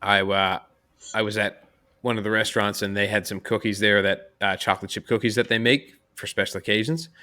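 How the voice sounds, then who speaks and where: A man co-hosting a casual chat, swapping crude stories and laughing at his own pranks. His voice sits low but has a bright, forceful edge. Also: steady tone, fairly quick. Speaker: podcast co-host.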